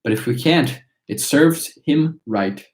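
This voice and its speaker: A man reading a chorus of tiny singing factory workers, reciting their verse in a steady rhythm. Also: a little high, slow. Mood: preachy. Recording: roomy echo.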